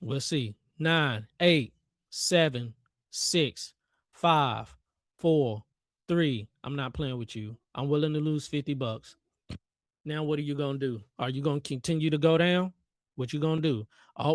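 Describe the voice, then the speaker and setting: A man's voice: on the high side, flat delivery, normal speed, dry recording, studio quality. A young man hosting a live trading stream, giving playful, hyped commentary in slang and joking with his chat. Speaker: trading livestream host.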